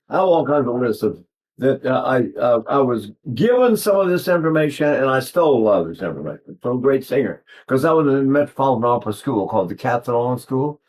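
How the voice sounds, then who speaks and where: A man's voice: mid-range voice, darkish tone. A man in his eighties giving an informal singing lesson, rambling and digressive, often breaking off to demonstrate vocal sounds. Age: 80s. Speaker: voice teacher.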